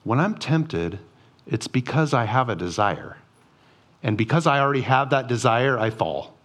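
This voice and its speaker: A man's voice: medium pitch, lively intonation, moderate pace, a bit bright. A man giving a devotional Bible teaching, reading passages aloud and asking earnest rhetorical questions.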